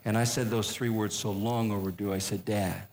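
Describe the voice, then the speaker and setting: An older man telling a humorous personal story to a live audience, with deadpan punchlines and measured pauses. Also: lowish voice. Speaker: speaker.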